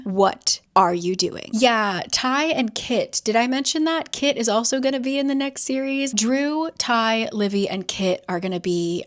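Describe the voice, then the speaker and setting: A woman casually summarizing a novel's plot, chatty, peppered with "like" fillers and swearing. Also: on the high side. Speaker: book recap host.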